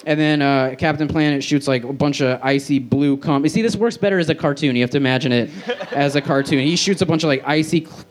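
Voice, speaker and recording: A man reading his own crude fan fiction aloud on an outdoor festival stage, deadpan with self-aware asides. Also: a little high, quick pace, a crowd in the background. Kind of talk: live stand-up reading.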